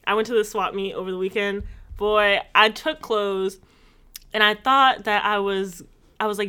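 A woman in easy casual chat, teasing her friend and slipping into mock dialogue. Her voice is bright and crisp, with a playful, needling edge. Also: mid-range voice, steady tone, moderate pace. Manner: teasing, playful, dramatic asides.

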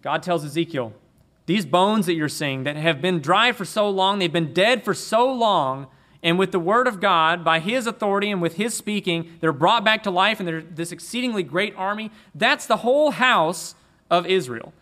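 Male preacher, slightly high bright voice, earnest sermon delivery with frequent restarts. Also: expressive, normal speed. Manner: earnest, repeats words when restarting. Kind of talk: sermon with scripture reading.

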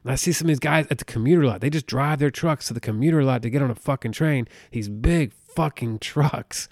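Profane rambling podcast host, dry sound. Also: male voice, medium pitch, a little fast, darkish tone, dry recording. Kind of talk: casual ranting monologue.

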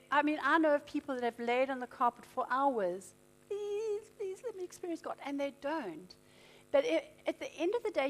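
A middle-aged woman preaching a sermon, emphatic and animated. Her voice swings between loud declarations and hushed, tender passages. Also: fairly high pitch.

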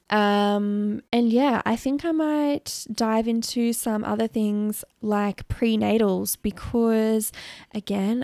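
An Australian woman hosts a casual solo podcast, speaking frankly and bluntly. Her voice is croaky and gravelly with heavy vocal fry throughout. The sound is dry and close, with no room echo. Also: medium pitch, a little mellow. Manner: frank and blunt, with mild swearing. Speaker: podcast host.

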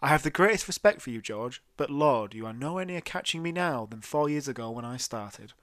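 A man with a northern English accent voicing a taunting male hoaxer, with a loud, mocking delivery. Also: medium pitch, lively intonation, brisk, no room sound, studio quality, lightly acted.

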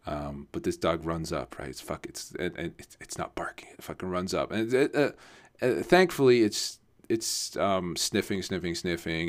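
A man's voice: low-pitched, normal speed. A young man telling a casual story, rambling and swearing with lots of fillers and restarts.

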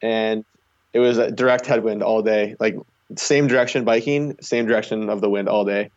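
A young Canadian man tells his road stories in a loose, rambling way, packing every sentence with "like". His voice sits a little low. The recording sounds slightly muffled and dull. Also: fairly even intonation, moderate pace. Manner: rambling, heavy use of "like" fillers. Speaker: guest, long-distance charity cyclist. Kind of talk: casual storytelling interview.

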